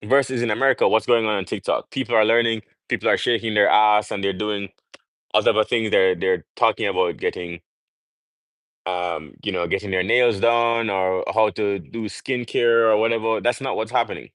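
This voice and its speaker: A young man from Jamaica hosts a casual livestream and holds forth in an emphatic, preachy monologue full of rhetorical questions. His voice sits on the low side. The sound is dry and close, with no room echo. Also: steady tone, moderate pace, fairly bright tone. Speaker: livestream host.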